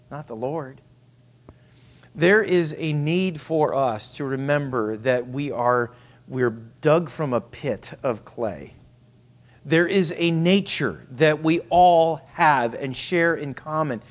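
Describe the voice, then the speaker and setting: A man preaching a sermon as pastor, emphatic and repetitive, sometimes dropping to soft asides. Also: fairly high pitch.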